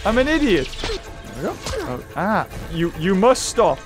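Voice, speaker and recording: A man giving excitable let's-play commentary, chatting to enemies with yelps and laughs. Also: high voice, normal speed. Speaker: gameplay commentator. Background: game music.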